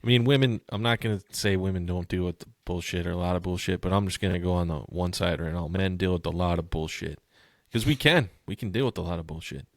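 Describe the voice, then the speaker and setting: Low-voiced ranting podcast co-host. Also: male voice, quick pace, few pauses, no room sound, clean studio sound. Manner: ranting, profane, sarcastic. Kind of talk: casual chat.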